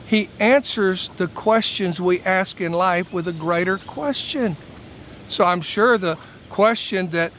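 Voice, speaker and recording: A pastor delivering a midweek sermon with a notably high voice. He preaches earnestly and lifts his voice to stress his points, while a faint hiss of noise sits beneath the recording. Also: a bit bright. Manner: earnest preaching, voice rising for emphasis.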